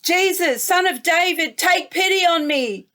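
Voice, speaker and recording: A blind beggar pleading loudly to be heard, his voice pitched a little high and spoken in an Australian accent, as a woman storyteller acts him out. The speech is slow and drawn out, like a storybook read aloud to children. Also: lively intonation. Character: blind male beggar crying out.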